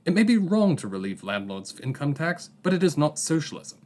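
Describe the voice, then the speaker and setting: A man putting on a deliberately poor English accent to play a stuffy upper-class male magazine editor. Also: big pitch swings, darkish tone. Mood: insistent. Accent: English, put on. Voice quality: raised pitch, self-consciously bad imitation.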